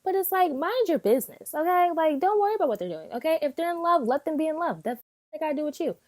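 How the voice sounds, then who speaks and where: A woman reviewing an anime in a casual, unscripted rant, animated and emphatic, swearing often and acting out her reactions in quick bursts. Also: high-pitched.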